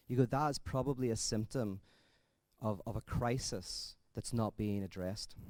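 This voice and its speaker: A man giving a conference talk in a conversational, thinking-aloud way, telling jokes with lively energy. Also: mid-range voice, no echo. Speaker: conference speaker.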